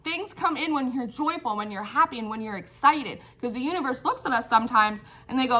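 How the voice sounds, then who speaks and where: A woman gives a tarot reading in a searching, musing way and keeps checking in with her listener. Her voice sits a little high and rings bright and forceful. She sounds encouraging and affirming. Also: expressive, brisk, hardly any pauses. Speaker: tarot reader.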